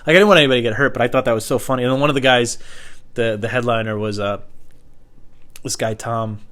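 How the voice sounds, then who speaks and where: A young man, a comedian, rambling in a loose, profane, self-deprecating way, with lots of fillers and sudden loud high voices when he quotes people. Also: fairly even intonation, fast. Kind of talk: rambling stand-up style monologue.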